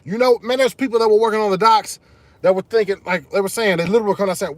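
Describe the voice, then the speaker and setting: A fired-up man ranting live to his viewers with a high voice. He hammers his points home, repeats key phrases and talks to the audience as y'all. The sound is dry and close. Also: fairly even intonation, very fast, no room sound. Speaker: channel host streaming live. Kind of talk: casual live-stream rant to viewers.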